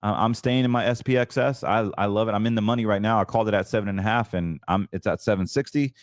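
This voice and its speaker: Dry, low-voiced man hosting a money show. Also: quick pace, no room sound. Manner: chatty, stumbles and restarts, excitable about trades. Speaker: host. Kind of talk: casual financial talk show monologue.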